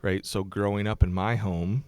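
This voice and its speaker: A middle-aged man, a pastor, explaining his ideas in a relaxed podcast conversation, thinking aloud with ums and restarts. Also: lowish voice, normal speed, clean tone, no echo. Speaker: pastor and guest.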